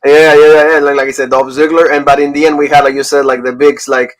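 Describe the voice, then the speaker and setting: A man's voice: on the high side, little pitch movement, fast talker, low-quality recording. A man co-hosting a wrestling review in casual chat, rambling with lots of fillers and laughing at his own impressions.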